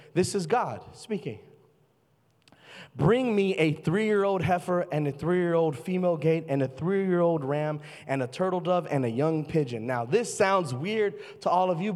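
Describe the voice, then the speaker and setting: Fervent high-voiced male pastor preaching. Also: normal speed. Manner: fervent preaching, swinging from loud highs to low murmurs. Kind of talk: sermon. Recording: long reverb of a large hall.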